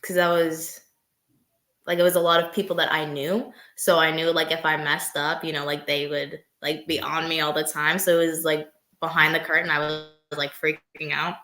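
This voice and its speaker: Young woman, very low voice, hesitant and soft-spoken, echoey room. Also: level tone, normal speed. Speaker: wrestler guest. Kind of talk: casual interview answers.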